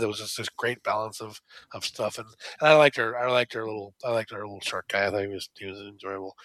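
Animated man on a dry mic. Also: medium pitch, no echo. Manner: animated and excitable, laughing often. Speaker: podcast co-host. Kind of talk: casual movie review chat.

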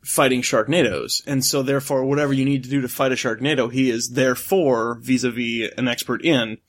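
A man co-hosting a casual movie review chat, animated and joking, laughing often as he riffs. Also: mid-range voice, brisk. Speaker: podcast co-host.

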